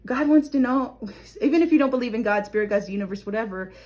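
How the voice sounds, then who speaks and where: A woman's voice: fairly high pitch, animated, quick pace, a little mellow. Young woman doing a tarot reading, talks casual and chatty, laughs a lot, keeps saying okay. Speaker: tarot reader.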